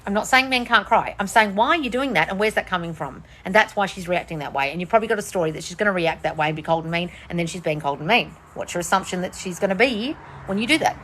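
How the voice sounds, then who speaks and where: Speaking quickly with hardly any pauses, a woman manifestation coach fields viewer questions in a casual outdoor livestream. She's blunt and swears often, her bright-ish voice lively in intonation, lurching from shrill bursts to low mutters.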